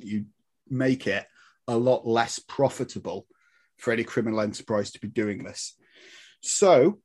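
A man explaining history in casual podcast chat, animated and swearing, laughing at his own points. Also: medium pitch. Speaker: guest historian.

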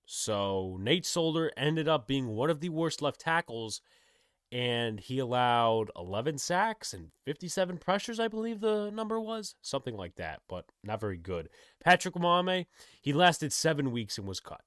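An opinionated man talks through his team's moves in a casual monologue, his pitch swinging widely as he gets exasperated. The sound is dry and close, with no room around him. He leans on rhetorical questions and blunt verdicts. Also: big pitch swings, moderate pace, fairly bright tone, clear, resonant tone, dry recording. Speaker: sports commentator. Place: indoors, on camera.

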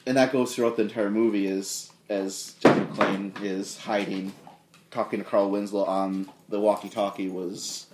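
In an echoey room with a noisy background, a podcast co-host speaks at a normal pace in a lowish voice. He's having a laid-back movie review chat, bringing film scenes to life and performing the lines himself.

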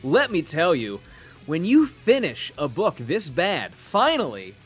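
A man's voice: fairly high pitch, big pitch swings, a little slow, faint music behind. A man co-hosting a podcast in a casual, joking chat, thinking aloud with fillers as he goes. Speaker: podcast co-host.

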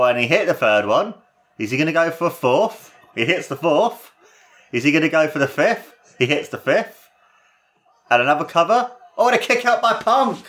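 Excitable man calling wrestling play-by-play. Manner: excitable, jumps up in pitch at big moves, swears. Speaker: commentator. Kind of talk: casual play-by-play commentary of a wrestling match.

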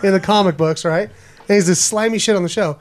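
A man's voice: high-pitched, fast talker. A man co-hosting a geek podcast, chatting casually and telling stories with lots of swearing. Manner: profane, animated storytelling. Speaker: podcast co-host. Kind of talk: casual chat.

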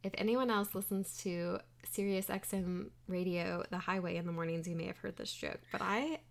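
A woman's voice: lowish voice, steady tone, normal speed, gravelly. Young woman podcast cohost, chatty, keeps fixing her sentences, casual. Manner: chatty, self-correcting, lots of "like". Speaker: podcast co-host. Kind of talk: casual book discussion and joke telling.

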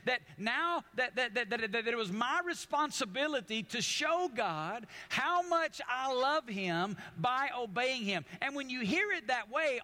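A pastor preaches a sermon in a very high, sharp voice. He speaks emphatically, repeats and restarts phrases, and puts questions directly to his congregation.

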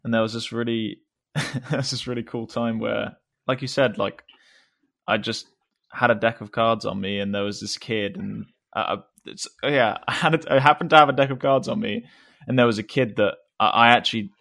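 A man's voice: mid-range voice, fairly even intonation, normal speed, vocal fry, a bit bright. An English man telling a casual anecdote, rambling and restarting often as he chats. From England. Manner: rambling with frequent restarts and fillers, chuckling often.

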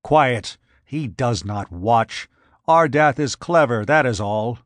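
A man's voice: medium pitch, expressive, takes it slowly, a bit bright, dry recording. A man reading aloud, voicing a brutish, scheming giant who growls blunt, contemptuous lines. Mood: brooding.

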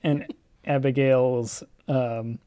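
A game master narrating a tabletop horror game, hesitant with many pauses. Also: mid-range voice, steady tone, warm tone.

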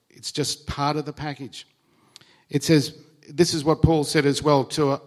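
Male preacher, sermon delivery, chatty and earnest, drops soft then builds to emphasis. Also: mid-range voice. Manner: conversational, earnest, swings between soft and emphatic.

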